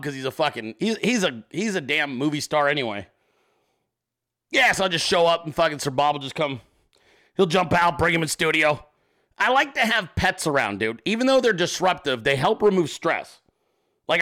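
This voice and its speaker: A middle-aged man hosting his own show, rambling casually with constant swearing and animated asides. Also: on the high side. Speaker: show host. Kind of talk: casual profane livestream chat.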